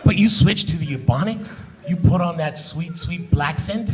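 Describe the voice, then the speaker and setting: A man's voice: on the high side, normal speed, few pauses, a little mellow. A man doing live stand-up comedy with a Canadian accent, brash and profane, teasing the crowd from a theater stage. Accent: Canadian English.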